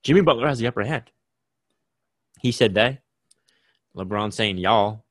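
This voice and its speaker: A man's voice: lowish voice, expressive, a little slow, a bit bright, no room sound. A young man co-hosting a podcast, chatting casually about basketball with lots of "like" fillers. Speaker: podcast co-host. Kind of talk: casual sports chat.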